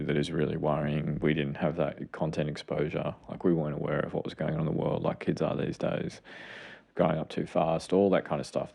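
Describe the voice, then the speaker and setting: A man's voice: very deep voice, gravelly, darkish tone. A man co-hosting a podcast and explaining child mental health in an earnest, rambling way, correcting himself as he goes. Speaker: podcast co-host, child clinician. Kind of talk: casual explanatory chat.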